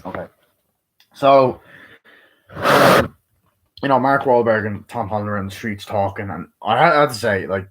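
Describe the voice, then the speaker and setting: A man with a low, husky voice talks through a movie review in a loose, rambling way. He swears freely and keeps breaking into quick voices of the characters. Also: lively intonation, a bit bright.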